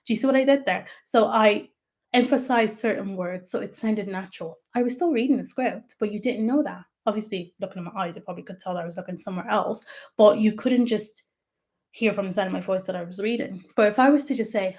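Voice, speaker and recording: A woman of middle pitch gives advice on making videos in a relaxed, conversational livestream. She explains things plainly and leans on certain words for emphasis. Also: fairly quick. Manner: chatty, explanatory, stresses key words. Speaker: YouTube strategist. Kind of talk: livestreamed tips talk.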